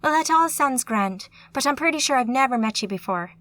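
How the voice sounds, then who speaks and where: A woman narrator voicing a quick-witted 21-year-old female mage in an audiobook, wry and quipping. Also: high-pitched, expressive, fairly bright tone. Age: 20s. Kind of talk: audiobook character voice.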